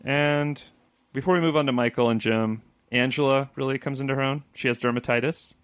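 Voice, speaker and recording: A man co-hosting a podcast in a relaxed chat. He is chatty, laughs often and drops into quick impressions. His voice sits mid-pitch and sounds dry and close. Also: clear, resonant tone, dry recording. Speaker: podcast co-host. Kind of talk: casual chat.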